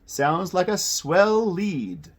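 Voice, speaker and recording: A man's voice: on the high side, sing-song, a little mellow, husky. A man voicing an eager teenage boy detective in near his own voice. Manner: eager, brisk. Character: eager teen boy detective, older brother.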